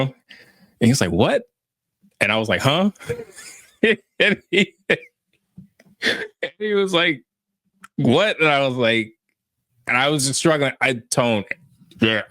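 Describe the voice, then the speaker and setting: A man's voice: mid-range voice, dry recording. Self-mocking man in his thirties, dry sound. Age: 30s. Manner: animated, self-mocking, laughs often while telling. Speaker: podcast host. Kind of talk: casual storytelling.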